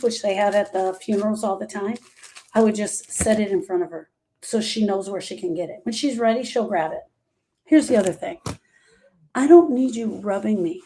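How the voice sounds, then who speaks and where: A woman's voice: mid-range voice, mellow. A woman grief specialist talking live to her viewers, giving emphatic, repetitive, direct advice.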